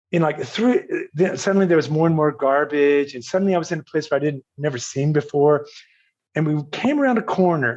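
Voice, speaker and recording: An older man from Virginia, a podcast guest telling a personal story in a halting, self-correcting way with frequent laughs. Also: fairly high pitch, dull audio. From Virginia, USA. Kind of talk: casual storytelling interview.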